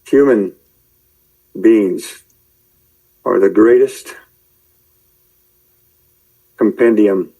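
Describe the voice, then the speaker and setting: A man preaching in a rambling commentary, shouting angry tirades at his listeners and then muttering to himself as he browses his screen. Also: fairly low pitch, extremely slow, long pauses, breathy edge, low-quality recording. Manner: addresses listeners directly, calling out believers. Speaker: online preacher.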